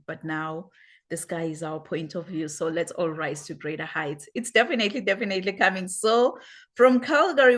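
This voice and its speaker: Effusive woman hosting a talk show. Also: medium pitch. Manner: effusive, repeats "wow". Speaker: host. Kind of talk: enthusiastic interview show hosting.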